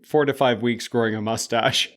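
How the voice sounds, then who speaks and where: A man's voice: medium pitch, steady tone, normal speed, music in the background. Chatty man with a mid-range voice. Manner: chatty, laughs easily, tells stories. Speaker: podcast co-host. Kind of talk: casual chat.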